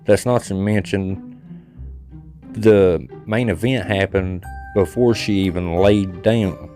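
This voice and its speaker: Low-pitched American host, lively joking delivery over soft background music. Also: male voice, slow. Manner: animated, laughing, jokey. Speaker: channel host reading viewer comments. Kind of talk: casual commentary.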